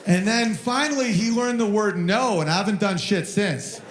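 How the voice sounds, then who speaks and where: Guy doing standup, rambly storytelling, slightly high voice, echoey club sound. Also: moderate pace, noisy background. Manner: rambling storytelling, mimics his toddler in high shouts. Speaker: stand-up comedian. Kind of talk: stand-up comedy set. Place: live venue with audience. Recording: roomy live venue sound.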